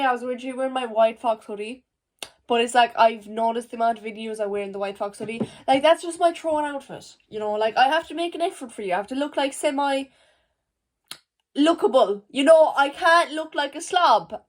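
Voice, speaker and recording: A teenage girl from Ireland, rambling to camera at home in a casual vlog, full of "like" and swearing. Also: sits high. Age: teens. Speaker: vlogger. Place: at home, indoors. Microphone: camera facing her.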